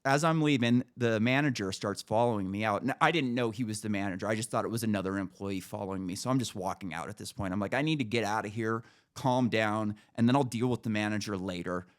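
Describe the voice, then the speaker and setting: A man's voice: fairly low pitch, fast. A man co-hosting a podcast, telling a story in casual, profane talk and acting out the dialogue. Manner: animated, profane, acts out dialogue. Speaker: podcast co-host.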